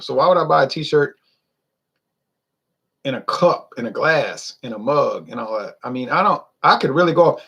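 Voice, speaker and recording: A man's voice: fairly high pitch, vocal fry, fairly bright tone, breathy edge. A man hosting a beer review video, ranting in a heated, sarcastic way. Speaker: beer review channel host. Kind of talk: casual on-camera rant.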